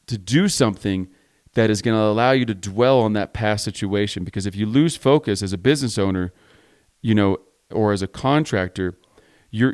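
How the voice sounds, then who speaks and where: A man with a fairly low voice delivers a motivational monologue to contractors. He is blunt and emphatic, swears without hesitation, and drives each point home by stacking parallel phrases one after another. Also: darkish tone, clear, resonant tone. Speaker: podcast host and contractor coach.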